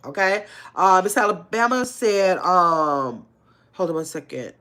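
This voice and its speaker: An older woman hosting a casual livestream, talking earnestly in relaxed slang and reading viewer comments aloud. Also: fairly low pitch, a little slow, faint music behind. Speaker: livestream host.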